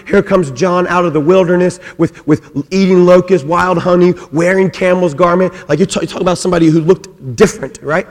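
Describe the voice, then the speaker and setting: A man preaching a sermon as pastor, swinging between loud, forceful passages and quiet ones. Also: high voice, steady tone, fairly quick, hardly any pauses, in a large hall.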